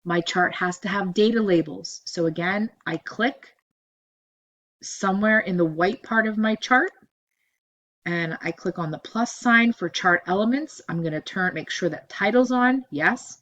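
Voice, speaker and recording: A woman teaching a spreadsheet lesson over a screen recording, giving steady step-by-step instructions and repeating cell ranges as she goes. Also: medium pitch, unhurried, dull audio. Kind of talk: screen-recorded software tutorial.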